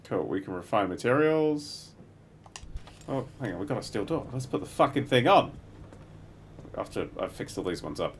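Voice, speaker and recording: A middle-aged man streaming a game live, muttering to himself, swearing freely and bursting into excited exclamations. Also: on the low side, normal speed, pauses often, slight background noise. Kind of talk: live gameplay commentary.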